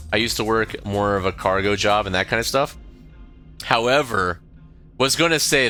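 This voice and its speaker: A man's voice: on the low side, sharp tone. An American man in his thirties, chatting on a stream, rambling with lots of fillers and swearing freely. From United States. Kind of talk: casual stream chat.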